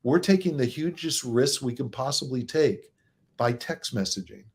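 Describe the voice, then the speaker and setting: A man speaking as a relationship coach in an interview, explaining at a steady, moderate pace and chuckling often. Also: mid-range voice, moderate pace. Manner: chuckles often, acts out examples; steady, moderate pace by his own account.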